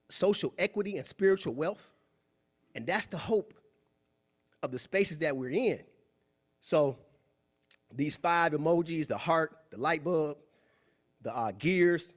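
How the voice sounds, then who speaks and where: A young man giving a preachy, animated motivational talk at a club meeting, acting out quoted voices. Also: a little high. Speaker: guest speaker. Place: meeting room.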